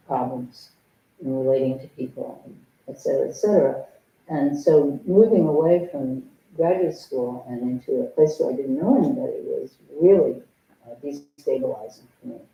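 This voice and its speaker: A woman's voice: extremely low pitch, dark tone, distant mic, lo-fi sound. An older woman giving a dharma talk as a Zen teacher, telling a personal story in a frank, humorous way. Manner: frank, humorous, acts out remembered dialogue. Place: temple meditation hall. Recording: echoey hall, voice from afar.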